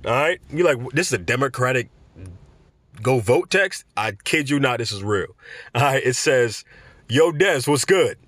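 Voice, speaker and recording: An animated young man from Florida tells stories in casual commentary, laughing often and circling back to his points. His voice sits mid-pitch and is recorded close and dry, with no room sound. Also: normal speed, no room sound. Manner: animated storyteller, laughs often, repeats himself. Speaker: vlogger.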